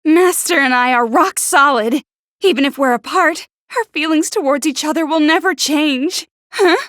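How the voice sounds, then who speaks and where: A woman voicing a prickly, sharp-tongued teenage girl in a video game, who stutters when flustered. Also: high voice, normal speed, no echo, studio quality. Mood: bickering. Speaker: game character.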